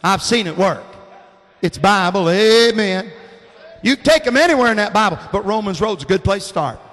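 Man in his fifties, preacher, sermon, very high voice, folksy fervent delivery, long reverberant hall. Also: expressive, moderate pace. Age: 50s. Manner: folksy Southern preaching, rising to fervent shouts.

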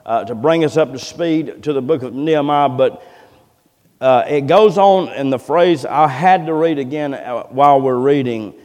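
A man preaching a sermon as pastor, reading scripture with slow, rising emphasis in a church sanctuary. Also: mid-range voice, a little mellow. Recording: reverberant church hall.

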